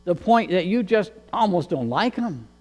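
A man preaching a sermon as pastor, earnest and measured, often repeating words as he goes. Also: high voice, big pitch swings, darkish tone, long reverb tail.

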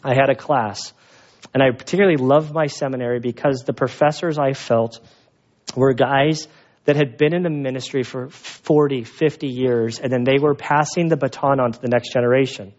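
A man's voice: medium pitch, normal speed, highs cut off. Man preaching a conversational sermon. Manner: conversational storytelling with animated asides. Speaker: pastor.

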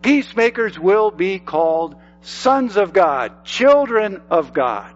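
Older guy preaching slow n emphatic, highish voice, bit dull sound, faint music behind. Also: sing-song. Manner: emphatic, repeats phrases for effect. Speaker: pastor. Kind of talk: sermon.

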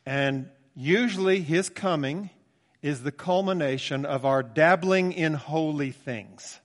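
A man's voice: a little high, slow pace. A man in his sixties preaching a conversational, emphatic sermon with asides in a church. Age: 60s. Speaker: pastor. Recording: long church reverb.

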